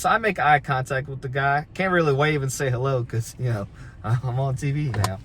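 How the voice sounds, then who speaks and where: A man's voice: mid-range voice, lively intonation, normal speed, fairly bright tone, a little hiss or hum. A man, a pro wrestler, casually telling a story about his career in a laid-back, self-deprecating, rambling way.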